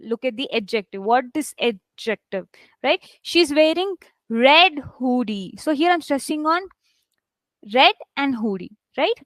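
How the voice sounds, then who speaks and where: A woman with a high voice, an English test instructor, teaches a live online class close to the mic in a dry, dead-sounding space with no echo. At a moderate pace and with lively intonation, she explains through examples, leaning hard on key words to demonstrate them. She checks in with her students often, frequently asking "right?"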